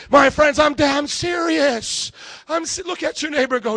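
A man's voice: very high voice, moderate pace, bright, forceful tone, no echo. A male pastor preaching an emphatic sermon, calling for amens from his congregation. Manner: emphatic, call-and-response with the congregation. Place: church service.

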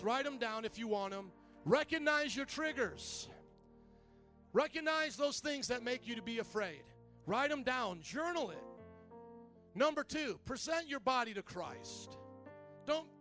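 A male pastor giving an animated sermon in a church, calling for amens from the congregation. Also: extremely high pitch. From Italian-American family. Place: church sanctuary.

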